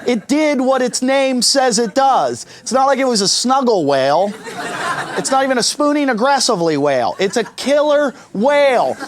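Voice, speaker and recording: A man's voice: extremely high pitch, big pitch swings, moderate pace. A male American stand-up comedian telling crude, profane jokes and acting out the people in his stories. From United States. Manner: crude, swearing, acts out characters in dialogue.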